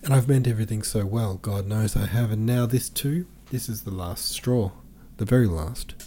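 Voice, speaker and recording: A man's voice: fairly low pitch, moderate pace, mellow, a little hiss or hum, lightly acted. A man reading as a tearful pleading woman. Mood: despairing. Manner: pleading, tearful, breathless run-on speech. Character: distraught middle-aged woman pleading with brother.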